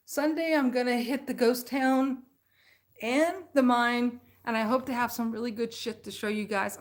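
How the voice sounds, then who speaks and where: A middle-aged woman hosting a live stream, telling a rambling story in casual chat and laughing often. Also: fairly high pitch.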